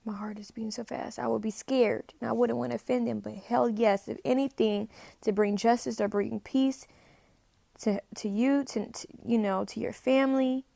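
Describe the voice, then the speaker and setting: Woman with a gravelly, fried voice. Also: fairly high pitch, steady tone, dark tone, no room sound. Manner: halting, repeats phrases, drops to near-whispers. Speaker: self-described spirit medium. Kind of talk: casual confessional video monologue. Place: at home.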